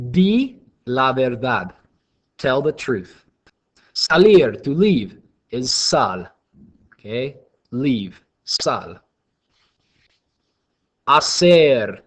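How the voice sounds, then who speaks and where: A man teaching Spanish in a recorded lesson, who speaks slowly and stresses each new word as he introduces it. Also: medium pitch, fairly bright tone.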